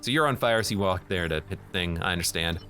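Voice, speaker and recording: A man's voice: sits low, fast, bright, forceful tone, soft background music. A man streaming a strategy game, thinking aloud as he plans each move and often correcting himself. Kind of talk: live game commentary.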